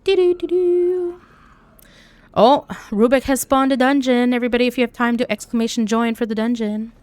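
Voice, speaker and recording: A young woman from Canada chatting casually on a live stream while gaming, talking to her chat with an animated, swearing manner. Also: a little high, fast, clean tone. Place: home room.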